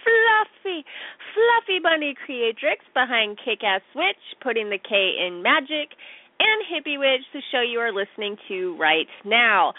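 A woman's voice: a little high, dry recording. A woman hosting her own podcast, chatting casually in a bubbly, giggly, self-deprecating way. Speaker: podcast host. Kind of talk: casual solo podcast talk. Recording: tinny phone-line sound.

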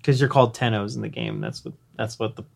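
A man's voice: medium pitch, steady tone, quick pace, vocal fry, a little mellow. A man co-hosting a casual gaming podcast, steering topics and reading reviews aloud with jokes. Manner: leads topics, reads reviews aloud, jokey. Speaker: podcast co-host.

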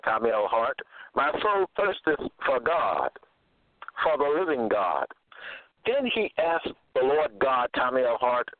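A man teaching scripture in a deliberate, repetitive way, quoting verses and checking in with "okay?" as he goes. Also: mid-range voice, dry recording. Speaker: preacher. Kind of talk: slow scripture teaching monologue. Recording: tinny phone-line sound, dry.

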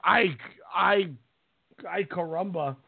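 High gravelly man on a phone line. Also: no room sound. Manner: rambling, halting restarts. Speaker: podcast co-host. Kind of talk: casual chat.

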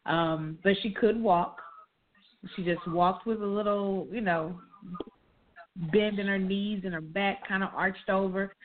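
A woman co-hosting a casual talk show, animatedly telling a childhood story. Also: on the low side. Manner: animated, reminiscing, emphatic. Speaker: co-host. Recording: tinny phone-like line.

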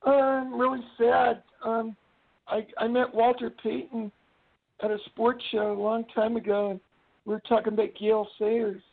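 A man's voice: sits high, flat delivery, normal speed. A man talking as a guest in a casual chat, rambling through stories. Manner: rambling storyteller, does wrestler impressions. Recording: tinny phone-line sound.

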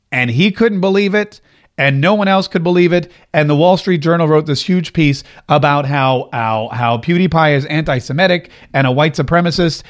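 Animated, rambling male talk host. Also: on the high side. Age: middle-aged. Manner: animated, rambling, repeats himself. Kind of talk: opinion talk show monologue.

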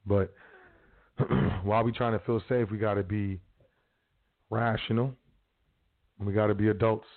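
A man talks in a loose, slangy way, rambling through casual advice as the host of his own show. His voice sits a little low. The sound is thin and boxy, like a phone line. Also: level tone, a little slow. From South Side of Chicago.

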